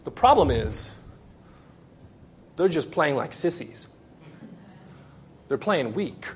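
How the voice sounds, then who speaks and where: Middle-aged male pastor, slightly high husky voice, lively sermon delivery. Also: slow. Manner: animated, emphatic, repeats phrases.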